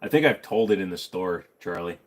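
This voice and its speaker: A man's voice: sits low, lively intonation, a little fast. A middle-aged man hosting a casual livestream, answering chat with blunt jokes and humming between topics. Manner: blunt, joking, trails off into humming.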